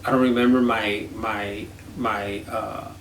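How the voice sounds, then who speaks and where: A man's voice: fairly low pitch, flat delivery, takes it slowly, fairly bright tone, echoey room, far from the mic, slight background noise. A man doing a sheepish, childish middle-aged guy. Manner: mumbling, stammering. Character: sheepish fifty-one-year-old man, childish and careless.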